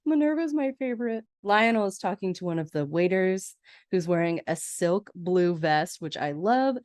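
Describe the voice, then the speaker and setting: A woman hosting a podcast who recaps a movie in a gushing, chatty and animated way. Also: fairly low pitch, moderate pace, dry recording, clean studio sound. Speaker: podcast host.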